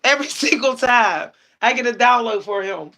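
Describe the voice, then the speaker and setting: A woman's voice: fairly high pitch, expressive, moderate pace, pushed and bright, slight background noise. A young woman chatting casually on a livestream as a psychic, laughing often and repeating herself for emphasis.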